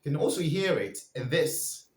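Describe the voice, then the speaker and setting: Guy teaching vowel sounds real slow, kinda high voice, echoey room. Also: big pitch swings, a little mellow. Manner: drills sounds for listeners to repeat. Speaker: pronunciation teacher. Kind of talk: slow pronunciation lesson.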